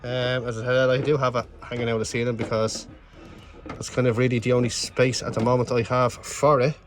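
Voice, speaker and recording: A man's voice: mid-range voice, flat delivery, brisk, faint music behind. A man vlogging a toy review in a casual, enthusiastic, rambling chat full of fillers.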